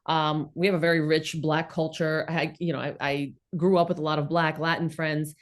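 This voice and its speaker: A woman in her thirties with a New York accent, originally from the former Soviet Union, chatting as an interview guest in an animated, emphatic, blunt way. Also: low-pitched, normal speed. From former Soviet Union, raised in New York City. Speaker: guest, comedian and content creator. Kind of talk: casual interview chat.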